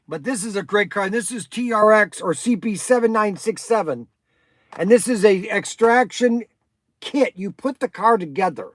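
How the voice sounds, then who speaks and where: A man's voice: high voice, lively intonation, normal speed, fairly bright tone, no room sound. An older man hosting a casual livestream, rambling and chatty as he answers viewers by name. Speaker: toy shop host answering viewers.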